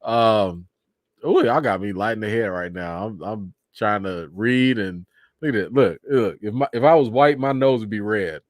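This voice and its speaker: A man hosts a casual live stream and reads viewer comments one after another. He thanks each person, laughs easily and jumps up high when something delights him. His mid-pitched voice sits close and dry on the mic. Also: normal speed, dry recording. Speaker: livestream host.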